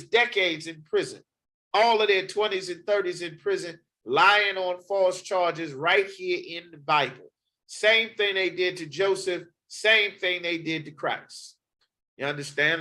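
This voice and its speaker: A man's voice: high voice, pushed and bright, poor audio. A man preaching a sermon, reading scripture aloud and repeating his points emphatically. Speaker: street preacher.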